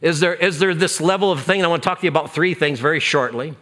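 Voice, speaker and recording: A man preaching a sermon as pastor, emphatic and repetitive, dropping to a hush on key phrases. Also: fairly high pitch, fast talker.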